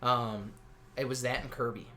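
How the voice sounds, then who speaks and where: A man's voice: mid-range voice, fairly even intonation, moderate pace, sharp tone, a little hiss or hum. A man in his twenties co-hosting a casual gaming chat, rambling and swearing freely. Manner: rambling, swears often, many fillers. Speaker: co-host.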